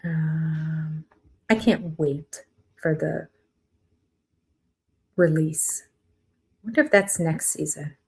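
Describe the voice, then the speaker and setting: Older woman host, casual live commentary, animated and opinionated. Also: sits low, very slow, creaky, pauses often, breathy edge. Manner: animated, opinionated, acts out quoted voices. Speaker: host of a live reality TV review chat.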